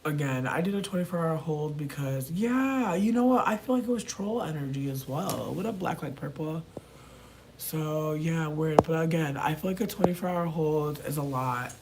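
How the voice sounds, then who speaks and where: A woman livestreaming while high on mushrooms, rambling and swearing as she talks to her chat and repeats herself. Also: normal speed, background noise.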